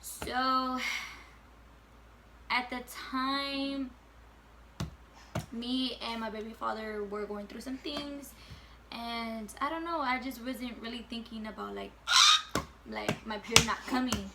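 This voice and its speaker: A woman's voice: on the high side, fairly even intonation, takes it slowly, pauses often, background noise. A woman in her late teens telling a casual storytime at home, chatty and full of fillers, swearing freely. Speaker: vlogger.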